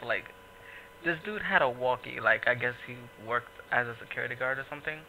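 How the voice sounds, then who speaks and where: Bright-voiced New man telling stories. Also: mid-range voice, brisk, slight background noise, low-quality recording. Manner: profane, animated storytelling with voiced quotes. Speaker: podcast host. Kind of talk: casual podcast chat.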